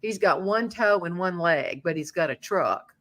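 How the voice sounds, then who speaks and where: A woman's voice: on the low side, normal speed, very noisy. A middle-aged woman with a Southern American accent, telling a funny story in a casual chat and acting out the voices of the people in it. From Southern United States. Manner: animated, acts out quoted voices. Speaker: humorist guest.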